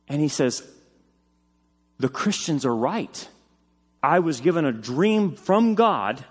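Animated preaching man in a reverberant hall. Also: high-pitched. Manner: animated, emphatic preaching with rising excitement. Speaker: pastor. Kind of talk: sermon. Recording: long reverb of a church hall.

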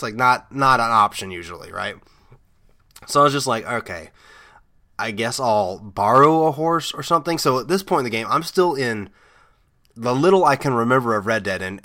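A man with a bright, forceful voice hosts a casual podcast. He rambles through amused stories with plenty of fillers and restarts. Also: medium pitch. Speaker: podcast host. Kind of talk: casual storytelling monologue.

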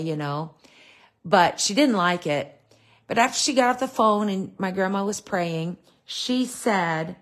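In a relaxed Bible lesson, a woman with a lowish voice recounts a family story, often using fillers and restarting her sentences.

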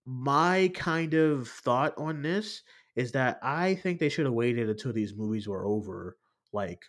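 A man co-hosting a casual pop-culture podcast, talking in an animated way with plenty of swearing. His voice sits in an ordinary middle pitch for a man, and he laughs often as he retells scenes. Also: a little slow. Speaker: podcast co-host.

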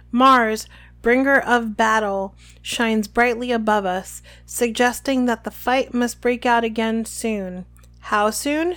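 A woman voicing a calm, aloof male centaur teacher, reading his lines slowly and evenly. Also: a little high, lightly acted. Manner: slow, measured reading.

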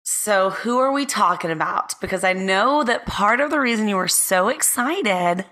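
A woman co-hosting a podcast in casual chat, a little hoarse, laughing often and trailing off mid-thought. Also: mid-range voice, animated, moderate pace, pushed and bright. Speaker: podcast co-host. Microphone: studio mic with red light.

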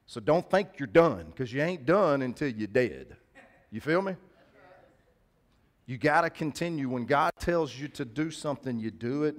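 Man preaching a casual sermon. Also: medium pitch. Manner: conversational preaching with call-outs to the congregation. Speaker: pastor. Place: church.

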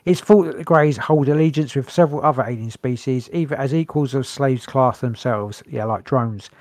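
A man's voice: mid-range voice, moderate pace, a little mellow, no room sound. A man co-hosting a podcast, reading notes aloud in a casual chat with wry, dry humour and the odd sigh. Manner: wry, dry humour, sighs between points. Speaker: podcast co-host.

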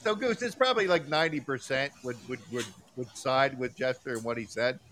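A man's voice: medium pitch, fairly quick, fairly bright tone, a little hiss or hum. A man hosting a casual podcast chat, emphatic and agreeable, swearing freely.

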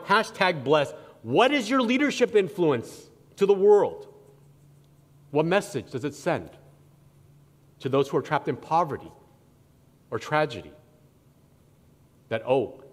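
A pastor preaching a sermon, conversational and lightly self-deprecating, with humorous asides to the congregation. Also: male voice, mid-range voice. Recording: long hall reverb.

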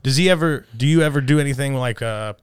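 A man's voice: medium pitch, quick pace, clear, resonant tone, no room sound. A man hosting a podcast, interviewing a guest and ribbing his co-host with dry sarcasm. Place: podcast studio.

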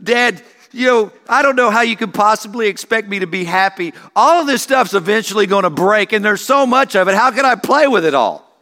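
A man's voice: high-pitched, lively intonation, fairly quick, sharp tone, big-room sound. A man voicing a pessimistic boy who whines and complains. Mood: whiny.

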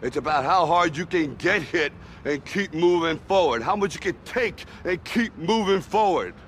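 Rocky, a gruff aging boxer. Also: male voice, on the high side, animated, normal speed, slight background noise. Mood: stern, forceful. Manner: blunt street talk, swinging from loud pushing to quiet tenderness. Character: aging male boxer lecturing his grown son. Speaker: film clip.

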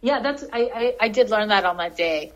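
A woman's voice: mid-range voice, animated, normal speed. A woman telling a rambling story in casual chat, laughing often and swearing freely. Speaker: podcast guest, animal communicator. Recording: dull lo-fi audio.

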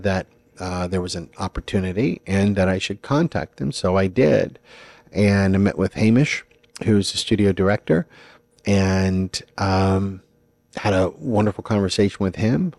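Low-voiced man, dry close sound. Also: gravelly, a little mellow, no echo. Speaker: acting teacher. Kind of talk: casual podcast conversation.

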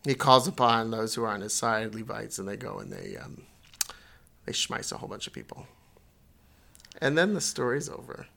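A man's voice: fairly low pitch, very animated, normal speed, gravelly, pauses often, sharp tone. A man co-hosting a podcast, casually retelling a story and correcting himself as he goes. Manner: rambling, self-correcting storyteller. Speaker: podcast co-host.

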